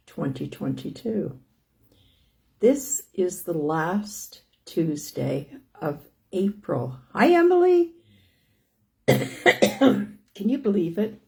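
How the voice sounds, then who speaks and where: A low, creaky, mellow voice belongs to an older woman hosting a lung-disease live stream. She chats loosely, rambling along with many restarts and repeated "anyways."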